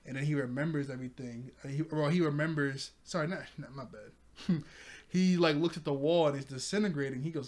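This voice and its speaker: A man's voice: on the high side, a little fast, darkish tone. A man casually recapping an anime episode at home in front of a TV, rambling, often laughing and correcting himself. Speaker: anime reviewer. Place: room with a TV.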